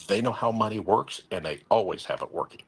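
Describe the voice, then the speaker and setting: A man's voice: fairly low pitch, fairly quick, breathy edge. A man appearing as a guest on a podcast, explaining his point emphatically. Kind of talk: casual podcast talk.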